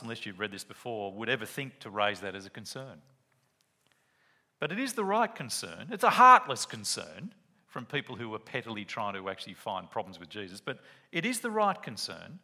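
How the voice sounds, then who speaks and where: A man's voice: lowish voice, moderate pace. A man preaching a sermon, walking through a Bible passage and acting out quotes as he tells a story. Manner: animated storytelling with acted-out quotes.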